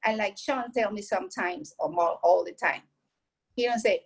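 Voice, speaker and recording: A woman's voice: medium pitch, moderate pace, gravelly, slightly rough, rough recording. A woman whose first language is Spanish, giving heartfelt, earnest advice in a casual way and repeating her points to encourage the listener.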